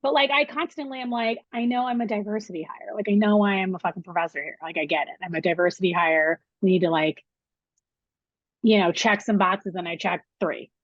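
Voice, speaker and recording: A young woman who teaches at a film school speaks candidly and animatedly in an interview, swearing casually. Her voice sits at medium pitch and moves briskly, captured in a dull, dry recording.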